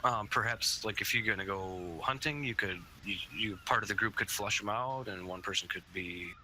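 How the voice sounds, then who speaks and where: Bright-voiced male game master. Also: on the low side, a little hiss or hum. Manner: halting, full of fillers. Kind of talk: running a tabletop game online.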